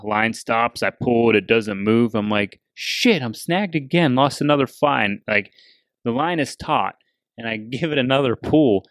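A man's voice: medium pitch, clean tone, no echo, studio quality. A man hosting a casual podcast, telling a fishing story with lots of laughs. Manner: laughing storyteller, animated retelling. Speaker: podcast host. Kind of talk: casual chat.

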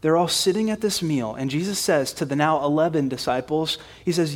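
A man's voice: fairly high pitch, fairly quick, hardly any pauses. A man preaching a sermon in a conversational, emphatic way. He asks rhetorical questions and often repeats words.

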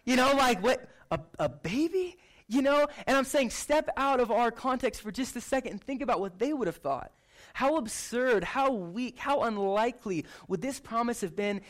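Male pastor, high bright voice, loose chatty sermon delivery, keeps checking in with the room. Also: normal speed. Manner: animated, chatty, lots of "like" and "right?" tags. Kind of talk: casual conversational sermon.

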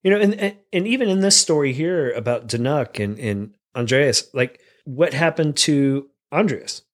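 A man's voice: medium pitch, normal speed. A man co-hosting a podcast in casual, joking chat. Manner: joking, animated. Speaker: podcast co-host.

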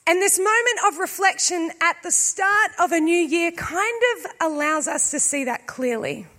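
A woman with a strikingly high voice preaches a sermon. She talks to the congregation in an easy, conversational way, mixes in humor, and slows right down on the points she wants to stress. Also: bright, forceful tone. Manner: conversational and humorous, with slow emphatic pauses. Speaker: pastor.

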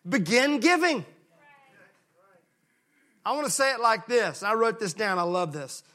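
A pastor from Mississippi preaches emphatically in a high voice with lively intonation. He slows down to stress key points and drops into quiet voices when acting out folksy characters.

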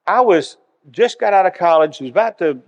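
Pastor guy, middle-aged, telling stories in a sermon, animated, slightly high voice, muffled hall sound. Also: normal speed. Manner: animated, conversational storytelling. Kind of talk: sermon storytelling.

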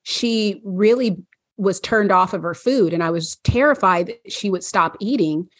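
A woman's voice: mid-range voice, measured pace, no echo, clean studio sound. A woman podcast co-host chatting casually, rambling with many fillers and frequent laughs. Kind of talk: casual chat.

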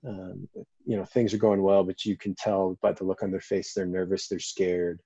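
A man's voice: deep voice, flat delivery, moderate pace, dark tone, slightly rough, no echo. A man, a firefighter and paramedic, telling a story in a casual interview in an earnest, rambling way with many fillers. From Colorado, US. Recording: dull lo-fi dry audio.

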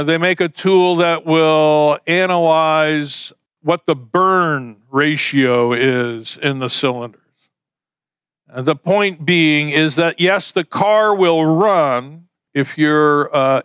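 Male pastor, conversational sermon delivery, folksy, slightly higher voice, smooth and clear tone. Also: fairly bright tone, no room sound. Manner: conversational, folksy, with homespun illustrations.

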